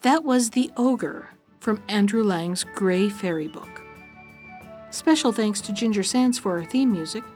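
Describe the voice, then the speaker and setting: A woman's voice: medium pitch, unhurried, a little mellow, faint music behind. Woman reading a fairy tale aloud. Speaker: storyteller and podcast host.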